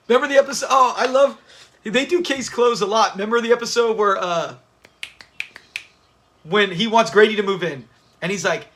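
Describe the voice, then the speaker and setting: A man's voice: high voice, normal speed, long pauses, a bit bright. A man hosting a casual livestream watch party, chatty and laughing often as he talks to his viewers. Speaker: channel host.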